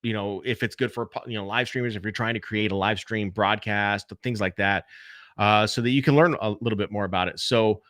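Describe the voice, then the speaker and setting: Chatty guy hosting a live q&a stream, bright forceful voice, dry close sound, talks right to the viewers. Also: fairly low pitch, a little fast, no room sound. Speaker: podcast host.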